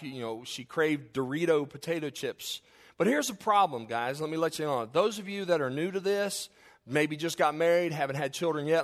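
High-voiced man preaching with humor. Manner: humorous storytelling, addresses the congregation directly. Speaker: pastor. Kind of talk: sermon.

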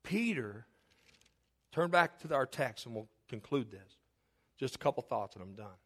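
A man's voice: mid-range voice, animated, moderate pace, breathy edge. A middle-aged male pastor, preaching a sermon with stories that build to an emphatic, rising delivery.

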